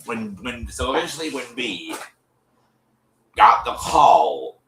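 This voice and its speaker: A man's voice: medium pitch, very animated, slow, bright, forceful tone, slight background noise. A man hosting a livestream, casually retelling television history in a rambling way that keeps looping back and repeating itself. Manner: rambling, loops back and repeats himself while storytelling. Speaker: livestream host. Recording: echoey room, distant from the mic.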